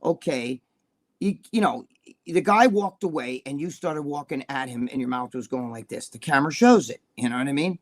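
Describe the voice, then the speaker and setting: A man's voice: medium pitch, animated, normal speed. A man talking as a podcast guest, telling blunt, profane stories and checking in with his listener as he goes. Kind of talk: casual chat on a live-streamed podcast.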